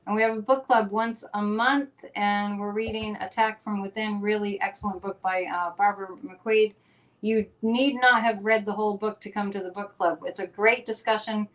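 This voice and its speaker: A woman at an ordinary middle pitch hosts a casual talk show. She chats in an upbeat, rambling way and moves easily from event plugs into loose discussion of the news. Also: fairly even intonation, moderate pace. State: a bit out of breath. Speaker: psychic and show host. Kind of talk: casual chat with announcements.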